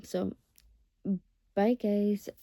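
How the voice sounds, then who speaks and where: A woman talks to her viewers in an unhurried, rambling vlog, earnest and encouraging. Her voice is deep-toned and very mellow, with little rise and fall. It sounds close and dry, with no room around it. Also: fairly even intonation, vocal fry, no echo. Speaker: vlogger. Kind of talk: casual talk to camera.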